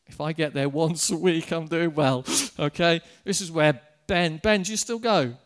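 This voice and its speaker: A man preaching a sermon, telling a personal anecdote in a lively way and addressing the congregation directly. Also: fairly high pitch, normal speed.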